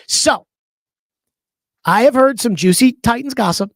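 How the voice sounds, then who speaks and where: A man's voice: very high-pitched, normal speed, long pauses, fairly bright tone, dry recording. A man hosting a sports talk show, giving opinionated commentary in an emphatic, conversational way and stretching out key words.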